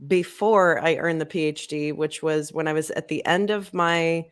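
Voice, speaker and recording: Her voice is deep, smooth, and steady, moving at a normal speed. She's a marketing agency owner chatting casually as a podcast guest, recounting her story and playing out old conversations as she goes.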